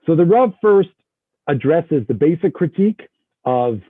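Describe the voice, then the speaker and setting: A man's voice: fairly high pitch, expressive, a little slow, slightly rough, no echo. Man teaching over a tinny call. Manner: reads passages aloud and translates them line by line. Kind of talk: online text-study lesson. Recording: dry, narrow phone-like video call audio.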